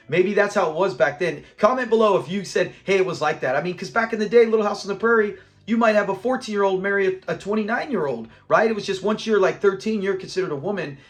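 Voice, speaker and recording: In a voice that sits high, a man casually talks through a sitcom episode, animatedly recounting scenes, quoting lines from characters, and laughing frequently.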